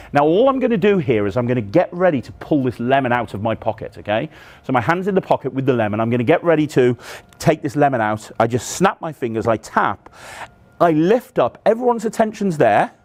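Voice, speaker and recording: Male magic teacher, demonstrative walkthrough delivery, lively varied intonation. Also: fairly high pitch, fairly quick. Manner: demonstrative, walks through moves aloud. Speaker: magic instructor. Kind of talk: step-by-step tutorial explanation.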